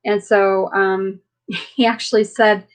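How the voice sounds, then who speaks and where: A woman's voice: medium pitch, flat delivery, slow pace, low-quality recording. A woman hosting a casual live chat, rambling through personal stories and laughing often between sentences. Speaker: livestream host.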